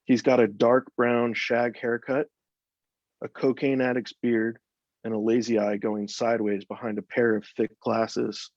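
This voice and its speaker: Guy reading his own detective story, steady, mid voice, dry muffled sound. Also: medium pitch, a little slow, no room sound. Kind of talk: first-person fiction reading.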